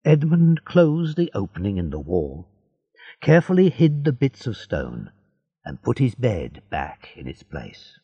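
Slow, gravelly male story reader. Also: fairly low pitch, huge pitch swings, muffled recording. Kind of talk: graded-reader story narration.

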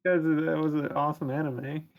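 A man's voice: fairly high pitch, level tone, fairly quick, lo-fi sound. A man co-hosting a podcast, talking in a hesitant casual chat full of uhs and ums. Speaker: podcast co-host.

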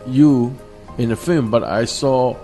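A man's voice: mid-range voice, slow pace, warm tone, soft background music. A man interviewing a guest, with short murmurs of agreement and eager questions. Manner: short backchannels, laughs along, eager questions. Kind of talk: casual interview.

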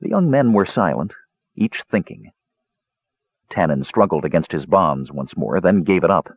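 A man narrating an audiobook in an expressive, measured reading. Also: sits low, slightly rough, no echo. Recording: dull lo-fi recording.

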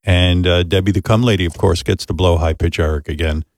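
A man hosting a radio talk show, crude and joking with deadpan asides. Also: low-pitched, a little fast, dry recording, clean studio sound.

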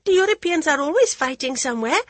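A woman reading an audiobook, voicing an excitable, defiant teenage princess in high, loud outbursts. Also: fast, no room sound. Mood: elated.

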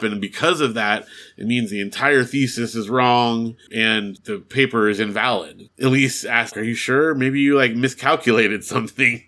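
A man's voice: mid-range voice, bright, forceful tone. A man co-hosting a podcast, casually recapping an episode and acting out the characters' lines with laughs. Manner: recaps plot with acted-out quotes and laughs. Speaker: podcast co-host.

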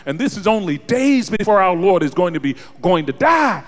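This sermon comes from a male preacher whose voice is high and animated. His deliberate, slow delivery moves from hushed passages up to shouted climaxes, with a long reverb suggesting a large hall.

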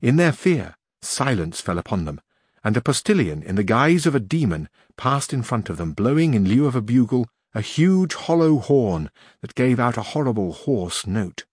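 In clean studio sound with no room ambience, a man with a husky mid-range voice narrates a classic novel for an audiobook. His delivery is measured and expressive.

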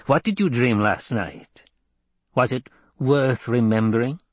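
A man's voice: medium pitch, a little slow, no room sound, pitched above the performer's own voice, natural voice. A man voicing a stern, domineering old woman elder in an audiobook reading, with a commanding, clipped manner. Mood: probing. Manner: commanding and clipped, softening at times.

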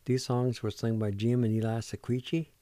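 A middle-aged man hosting a radio language lesson, spelling words letter by letter and sounding out each syllable slowly and deliberately. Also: medium pitch, flat delivery, mellow, no room sound. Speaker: radio language teacher, show host.

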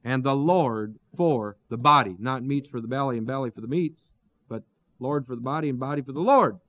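A man teaching through a Bible passage verse by verse, pausing to explain terms and asking his listeners rhetorical questions. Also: mid-range voice, a bit bright, no room sound. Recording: dull, lo-fi dry recording.

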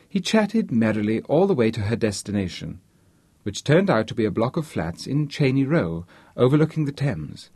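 Animated, husky male audiobook narrator. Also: lowish voice, no room sound. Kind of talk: scripted narration of a novel.

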